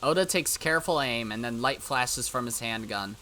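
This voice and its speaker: A man's voice: medium pitch, moderate pace, sharp tone, slight background noise. A man reading a visual novel aloud, with brief side remarks of his own. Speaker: let's-play narrator. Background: game music.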